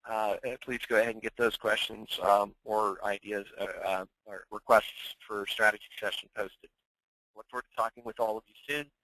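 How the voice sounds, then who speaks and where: Hoarse man signing off a webinar. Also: lowish voice, little pitch movement, moderate pace, sharp tone, no echo, poor audio. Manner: filler-heavy, repetitive announcements. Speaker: webinar presenter and coach. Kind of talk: webinar sign-off.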